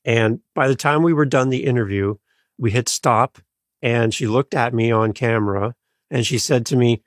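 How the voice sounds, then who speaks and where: A man guesting on a podcast, energetic and full of stories about his own shows. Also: medium pitch, normal speed, no room sound, studio quality. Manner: energetic, storytelling. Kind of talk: casual interview chat.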